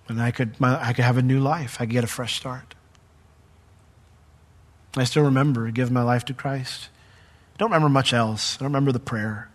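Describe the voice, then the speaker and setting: A middle-aged male pastor preaching a sermon, animated when retelling a story and hushed when sharing his own testimony. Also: mid-range voice. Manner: animated storyteller, voice jumps up when acting out the crowd; drops to a soft, hushed tone for personal testimony.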